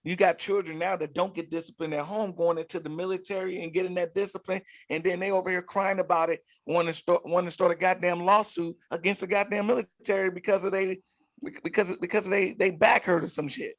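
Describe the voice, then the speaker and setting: A middle-aged man, a former Marine and podcast co-host, telling animated stories in casual chat, often repeating himself and swearing. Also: high voice, brisk, no echo.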